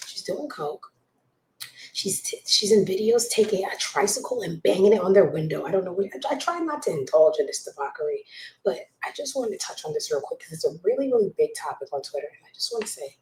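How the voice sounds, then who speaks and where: A woman hosting a gossip show from home on a desk mic, blunt and judgmental, swinging between loud outbursts and hushed asides. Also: lowish voice, big pitch swings, normal speed, reverberant, slight background noise, rough recording. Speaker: show host. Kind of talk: casual gossip commentary. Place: home room with a child nearby.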